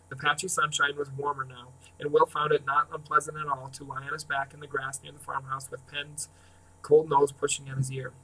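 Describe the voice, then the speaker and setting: A man reading a novel aloud in a measured way, often clearing his throat and restarting words. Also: a little high, a bit bright. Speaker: reader. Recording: distant mic.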